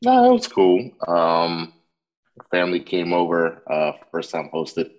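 A man's voice: deep voice, huge pitch swings, a little slow, rough recording. A man co-hosting a podcast, laid-back in casual chat, often giving short replies. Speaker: podcast co-host.

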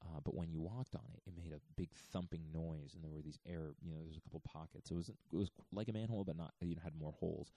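A man's voice: very deep voice, steady tone, fast talker, hardly any pauses, mellow, dry recording. A man in his thirties casually telling a story, rambling with lots of fillers. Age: 30s.

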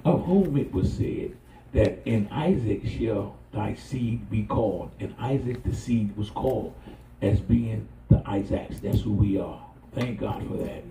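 Middle-aged male pastor, folksy call-and-response preaching, deep mellow tone, roomy sanctuary sound. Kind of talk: sermon. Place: church sanctuary. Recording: echoey church, distant mic, faint noise.

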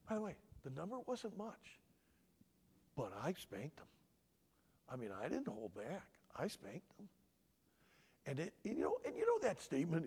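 A middle-aged man preaches to a conference crowd, his voice fairly high and climbing and dipping with lively inflection. He swings between loud emphatic bursts and hushed, almost whispered confessions. The sound carries a long hall reverb. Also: moderate pace, long pauses, slightly rough. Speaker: conference speaker on parenting. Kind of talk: preaching-style talk.

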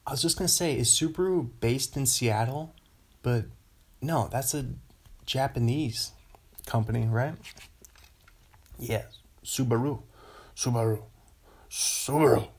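A man's voice: mid-range voice, a little slow, pauses often, husky. A man from the Pacific Northwest hosting a casual podcast monologue, meandering from topic to topic and chuckling to himself. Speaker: podcast host.

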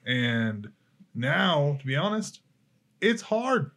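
A young man who is a podcast guest casually shares a faith testimony, speaking slowly in a fairly high voice. He's an animated storyteller, acting out the dialogue and laughing easily.

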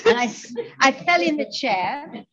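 A woman's voice: high-pitched, animated, unhurried, lo-fi sound, a crowd in the background. Older woman, self-mocking, laughing. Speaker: recovery speaker. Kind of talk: personal testimony.

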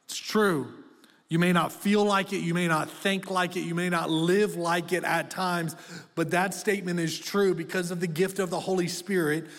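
A pastor in his thirties delivers a direct, conversational sermon in a church auditorium, inviting the congregation to speak back. He has a high-pitched, steady, slightly bright voice at a moderate pace, and the church hall adds long reverb.

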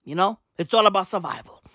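A man's voice: very high voice, fairly bright tone, no room sound. A man doing a profane comic rant, rambling and repetitive, mock-swaggering and constantly calling the listener bruv. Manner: rambling, repetitive, keeps saying bruv and right; swears heavily, mock-swaggering.

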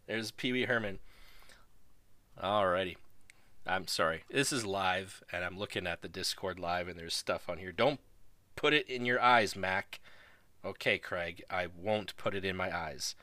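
A man's voice: low voice, lively intonation, measured pace, sharp tone. A man hosting a live stream, casually commentating a video wrestling show, rambling and laughing as he goes.

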